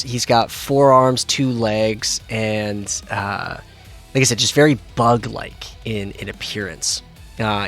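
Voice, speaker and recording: Male game master, slow and searching for words, describing monsters. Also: mid-range voice, fairly bright tone. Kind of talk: narrating a tabletop game.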